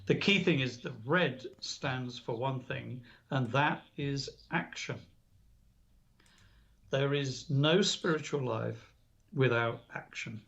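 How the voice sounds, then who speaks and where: A man's voice: medium pitch, slow, creaky, fairly bright tone. A man giving an earnest spiritual talk as a radio guest, retelling a story with quoted dialogue. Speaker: guest speaker on spiritual alchemy. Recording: dull lo-fi radio audio.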